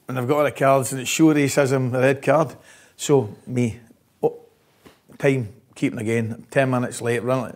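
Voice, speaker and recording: A man, a former footballer, telling a team anecdote in an animated, laughing way. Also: mid-range voice. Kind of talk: storytelling anecdote.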